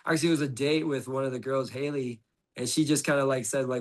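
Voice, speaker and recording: A man's voice: mid-range voice, steady tone, fast. A middle-aged man, a podcast guest, telling a story in casual conversation, rambling with lots of "like" and restarts.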